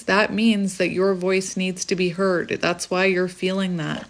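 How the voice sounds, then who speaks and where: A woman's voice: mid-range voice, fairly even intonation, moderate pace, few pauses. A woman giving a casual spiritual tarot reading, chatty and rambling, often breaking off to laugh at herself. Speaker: tarot reader.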